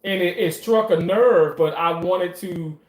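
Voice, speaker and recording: A man talking in a casual monologue about his work in surgery, animated, profane and emotional as he tells stories. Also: high-pitched, measured pace. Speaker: surgical staff commentator. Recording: roomy echo.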